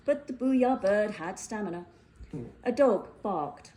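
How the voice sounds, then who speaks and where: A woman reading a whimsical fairytale aloud, playful and animated. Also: medium pitch, takes it slowly, a little hiss or hum, poor audio. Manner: playful, animated, with voiced characters. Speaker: storyteller. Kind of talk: storybook narration.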